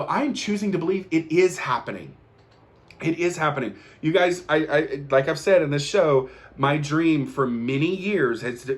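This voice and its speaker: A young podcast host with a somewhat high, slightly bright voice delivers an earnest, emphatic motivational monologue on his own show, repeating key lines for effect.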